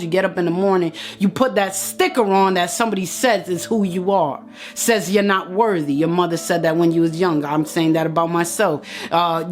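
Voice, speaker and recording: A woman giving an impassioned motivational address, preaching straight at her listeners and repeating phrases for emphasis. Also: fairly low pitch. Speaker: motivational speaker.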